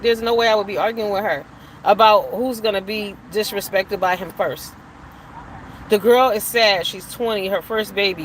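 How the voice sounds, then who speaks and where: A woman's voice: on the low side, slight background noise, low-quality recording. A middle-aged woman hosting a show, giving blunt, profane, emphatic commentary with preachy asides. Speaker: show host. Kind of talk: opinionated casual commentary.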